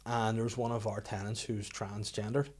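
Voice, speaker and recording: A man's voice: fairly low pitch, fairly quick, husky. Chatty Northern Irish man telling stories. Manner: animated, laughing storyteller with lots of restarts. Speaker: podcast co-host. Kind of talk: casual storytelling chat.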